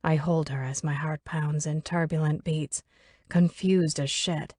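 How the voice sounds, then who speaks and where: Low-voiced woman narrating an audiobook. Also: steady tone, unhurried, darkish tone, dry recording, studio quality.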